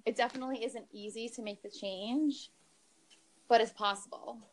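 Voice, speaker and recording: A woman's voice: on the high side, fairly even intonation, normal speed, a little hiss or hum, poor audio. A young woman telling a story in casual podcast chat, laughing often and talking with fillers. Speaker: podcast guest.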